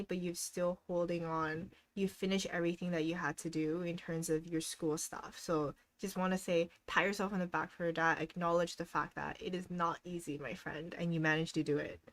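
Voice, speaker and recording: A young woman hosting a casual live stream, cheerfully encouraging viewers and reading out their goals with frequent giggles. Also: fairly low pitch. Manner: giggles often between remarks. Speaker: livestream host.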